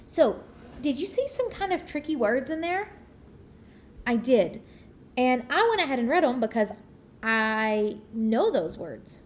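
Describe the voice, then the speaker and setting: A woman teacher giving a patient phonics lesson to young children, sounding out the parts of words. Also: sits high.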